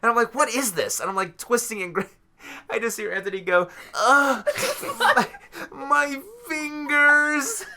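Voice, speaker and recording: Animated young man telling a story. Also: high voice, quick pace. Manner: animated storyteller, acts out quotes loudly. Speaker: podcast co-host. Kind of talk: casual chat, storytelling.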